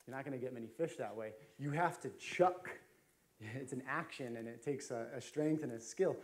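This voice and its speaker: A man's voice: mid-range voice, fairly quick. A man preaching a sermon as a pastor, chatty and storytelling, with frequent fillers and restarts. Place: church sanctuary.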